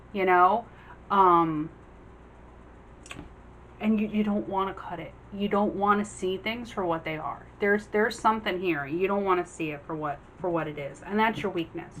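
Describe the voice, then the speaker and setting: A woman giving a casual general tarot reading, chatty, acting out the figures on the cards in quick quoted voices. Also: medium pitch, a bit bright, slight background noise, rough recording. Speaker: tarot reader.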